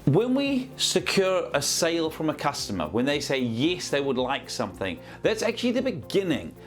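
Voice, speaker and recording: A man coaches sales teams in a talk to the camera. His slightly high voice rises and falls animatedly as he acts out little scenes. He keeps it chatty and practical. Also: moderate pace, faint music behind. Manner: lively, conversational, acts out examples. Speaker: business trainer and coach.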